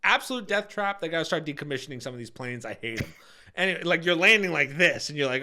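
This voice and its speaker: A man's voice: fairly high pitch, expressive, quick pace, pushed and bright. A man co-hosting a podcast, telling a rambling travel story in casual chat and laughing often. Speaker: podcast co-host.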